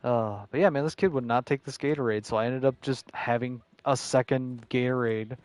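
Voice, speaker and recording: A man's voice: mid-range voice, steady tone, moderate pace, darkish tone, no room sound. A man streaming a game, telling a story in casual chat, rambling with lots of filler words and swearing. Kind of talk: casual storytelling while gaming.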